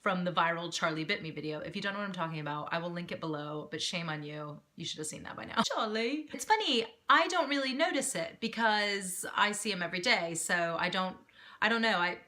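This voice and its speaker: A woman's voice: on the low side, brisk. A woman, chatting casually to camera as an expat mom vlogger. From North Carolina, United States. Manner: chatty, lively, self-deprecating with fillers.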